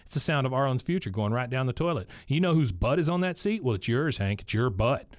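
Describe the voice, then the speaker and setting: A man's voice: medium pitch, lively intonation, fast, dry recording, clean studio sound, lightly acted. A man lightly putting on a nervous, proud middle-aged housewife while retelling a cartoon scene. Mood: scornful.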